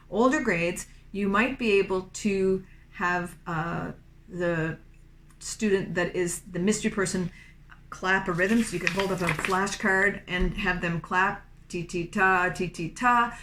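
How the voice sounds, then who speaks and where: A woman's voice: lowish voice, fairly bright tone. A middle-aged woman music teacher, patiently explaining a classroom singing game and slipping into short sung phrases. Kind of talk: instructional talk with sung demonstrations.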